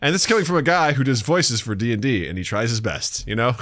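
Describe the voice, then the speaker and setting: A man co-hosting a podcast, joking around with a lot of profanity and quick character bits. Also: medium pitch, very animated, a bit bright. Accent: Boston. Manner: profane, jokey, slips into bits and put-on voices. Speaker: podcast co-host. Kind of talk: casual comedic chat.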